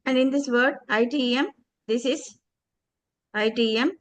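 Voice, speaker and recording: A woman with an Indian English accent teaching English pronunciation, saying each word slowly and repeating it for a student to echo. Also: fairly high pitch, steady tone. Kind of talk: pronunciation drill lesson.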